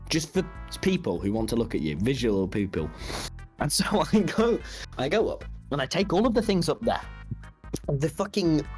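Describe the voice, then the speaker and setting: A man's voice: a little high, very animated, moderate pace, darkish tone, soft background music. A young man telling a story on a livestream, swearing freely and acting out what other people said. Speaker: streamer. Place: sitting in a chair indoors.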